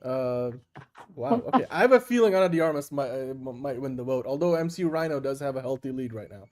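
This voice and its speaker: A man co-hosting a casual podcast chat, animated and quick to laugh and react. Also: medium pitch. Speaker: podcast co-host.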